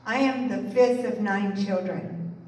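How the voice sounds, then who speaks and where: A woman's voice: medium pitch, unhurried, darkish tone. A woman giving an encouraging sermon at a church service and asking the congregation to answer her. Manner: encouraging, calls for congregation responses. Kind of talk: inspirational sermon talk. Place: church sanctuary. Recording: echoey hall, distant mic, faint music.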